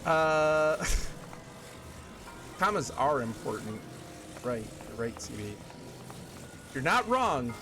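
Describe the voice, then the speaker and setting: Playful male streamer, animated pitch, chats and hums over loud game music. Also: slow, long pauses. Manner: playful, sings snatches of songs, greets viewers by name. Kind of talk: casual gameplay chat with chat readers.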